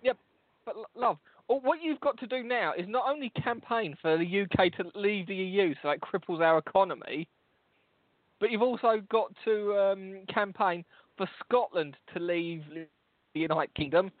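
High-voiced, sweary London man on a tinny line. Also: normal speed, dry recording. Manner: sweary, teasing, rambling. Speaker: podcast co-host. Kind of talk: casual banter. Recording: tinny phone-like line, dry.

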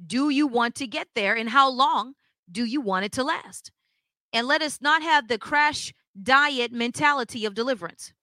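High, bright-voiced woman preaching. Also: no room sound. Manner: emphatic, asks the audience pointed questions. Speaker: co-host of a church broadcast. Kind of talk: preaching-style teaching.

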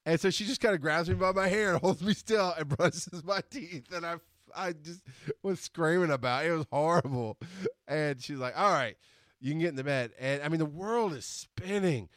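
A man hosting a podcast, telling a story in a casual monologue, animated and quick to laugh as he acts out scenes. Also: fairly high pitch, no room sound, clean studio sound. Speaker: podcast host.

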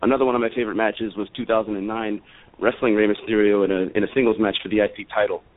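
A man's voice: lowish voice, steady tone, rapid-fire. A man in his thirties, a guest wrestler on a radio show, talking casually and rambling with many fillers and restarts. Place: after party. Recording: phone-like radio audio.

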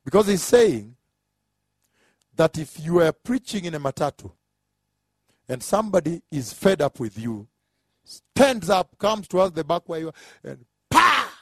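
A male preacher with a slightly raised, husky voice. He drives each point home with emphasis and breaks into laughter at his own jokes. The sound is dry and close. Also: a little high, expressive, a little slow, long pauses, a little mellow, dry recording. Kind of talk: sermon.

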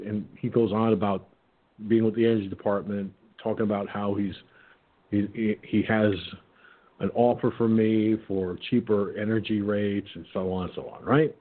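A husky male talk radio host with a mid-range voice, blunt and profane as he tells his stories. The sound is squeezed into a narrow, phone-like band. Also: lowish voice, steady tone, normal speed. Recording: phone-like line.

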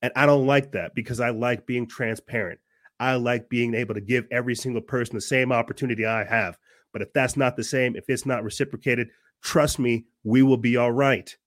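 A man's voice: mid-range voice, steady tone, a little fast, a bit bright, no room sound, clean studio sound. A man hosting his own podcast, delivering an earnest, fiery, preachy monologue full of restarts. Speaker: podcast host. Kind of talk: impassioned monologue.

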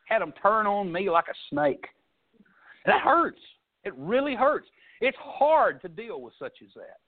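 A male pastor delivers a sermon in a folksy storytelling manner, his voice sitting a bit high. He swings between loud emphasis and soft asides. The sound is thin and tinny, like a phone line. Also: big pitch swings, measured pace.

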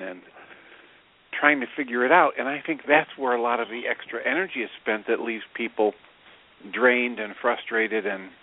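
A man's voice: mid-range voice, steady tone, moderate pace. A man co-hosting a radio show, explaining his ideas in a reflective, casual way. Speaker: radio co-host. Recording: tinny phone-line radio audio.

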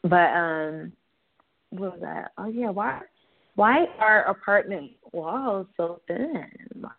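Speaking slowly and with lots of animation, a young woman with a medium-pitched voice hosts a casual call-in talk show from a room in her apartment. She's blunt and profane, rambling and laughing as she goes. The audio comes through a tinny, phone-like line.

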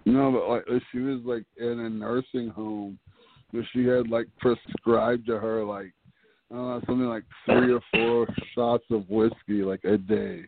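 A man's voice: mid-range voice, fairly even intonation, measured pace, gravelly, a little hiss or hum. A man co-hosting a podcast, talking in a laid-back, hesitant way in casual chat. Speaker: podcast co-host. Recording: tinny phone-like line.

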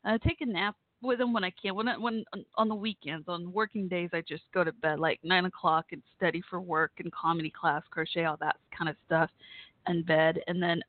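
A woman's voice: on the low side, fairly even intonation, normal speed, dry recording. A woman from Texas hosting a call-in show in a rambling, chatty way, often laughing, worried and holding back tears. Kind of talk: casual chat. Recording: dry tinny phone-like line.

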